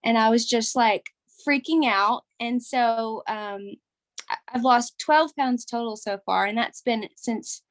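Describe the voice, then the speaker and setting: Young woman, slightly high voice, teary and rambling testimonial on a group call. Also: slow, dry recording. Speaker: caller sharing a testimonial.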